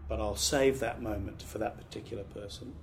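Middle-aged British man, pastor-trainer, low-pitched, earnest and emphatic, casual restarts. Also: fairly even intonation, brisk. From Britain. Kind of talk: training talk on preaching.

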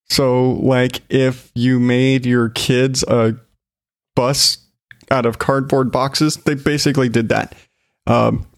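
A man's voice: medium pitch, dry recording, clean studio sound. Sarcastic man riffing on odd news. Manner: sarcastic, swearing, laughing often. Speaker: solo show host. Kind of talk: casual news commentary.

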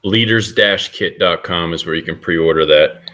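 Male guest speaker, middle-aged, low and bright-edged voice, earnest anecdotal storyteller. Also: normal speed. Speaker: guest author and leadership speaker. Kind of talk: conversational storytelling.

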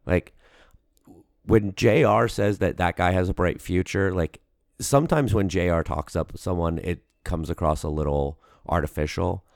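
Here a male podcast co-host sits low in his range, with vocal fry and a darkish tone. In casual conversation he rambles, tossing in lots of fillers and restarting often. The recording is dry and studio quality.

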